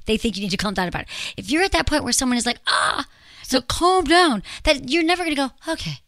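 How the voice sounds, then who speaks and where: A woman's voice: high-pitched, racing, no room sound, studio quality. A woman hosting a relationship advice show, chatting casually and acting out quoted lines. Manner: animated, acts out quoted lines.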